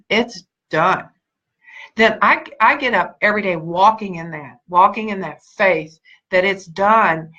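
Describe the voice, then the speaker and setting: A woman with a bright, forceful voice delivers a motivational livestream talk, earnest and emphatic, leaning on repeated words. Her pitch sits in an ordinary middle range. The sound is dull and lo-fi, like livestream audio. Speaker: motivational speaker and sales team leader.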